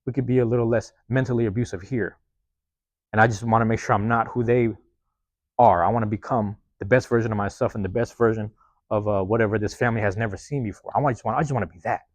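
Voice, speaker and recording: A man's voice: fairly low pitch, fairly even intonation, fast, no echo. A man hosting a podcast alone, rambling in a casual, profane monologue and tagging lines with "man", recorded on a phone. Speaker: podcast host.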